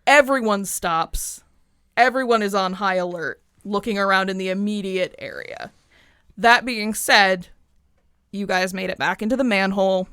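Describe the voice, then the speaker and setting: A woman narrating a tabletop game as game master, relaxed and conversational. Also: mid-range voice, smooth, dry recording, studio quality. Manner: relaxed, conversational, with frequent "like" fillers.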